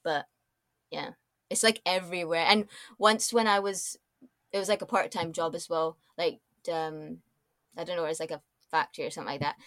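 A woman's voice: lowish voice, fairly even intonation, moderate pace, a bit bright, no room sound, studio quality. A woman in her twenties with a mixed accent that is often taken for American, chatting casually in an interview, laughing often and talking in loose, restarting sentences. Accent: mixed, often taken for American or Canadian. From born in Dubai, raised in Scotland. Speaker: guest, designer.

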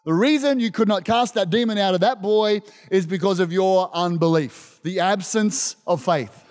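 A man preaching a sermon as pastor, animated and emphatic, calling out to his congregation. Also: sits high, moderate pace. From Australia. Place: church service. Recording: long reverb of a church hall.

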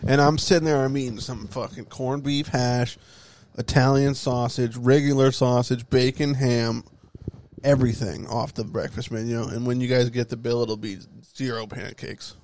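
A man's voice: medium pitch, fairly even intonation, moderate pace. A man co-hosting a casual talk show, joking crudely and trading playful insults with friends. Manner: loud joking, trades insults.

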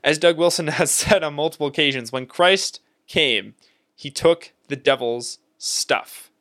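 A man co-hosting a casual theological discussion podcast, talking in an emphatic, animated way and laughing often. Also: on the high side, a little slow. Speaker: podcast co-host.

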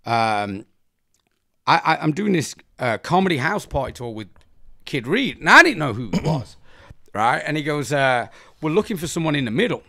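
An English man with a gravelly, fairly high voice tells crude stories, his pitch jumping all over as he laughs along with himself. The sound is close and dry, with no room around it. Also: normal speed, no echo. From England. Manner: profane, animated storytelling with laughter. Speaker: comedian co-host. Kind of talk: casual podcast chat.

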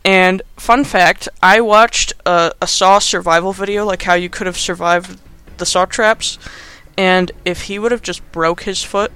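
A man hosting a podcast, casually recapping a film in a rambling, animated way with many fillers. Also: high-pitched, unhurried, smooth, soft background music. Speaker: podcast host.

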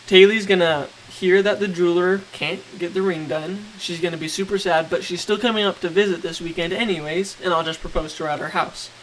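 A young man in his twenties casually telling a story as podcast co-host, relaxed and rambling. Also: sits high, poor audio. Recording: faint hiss.

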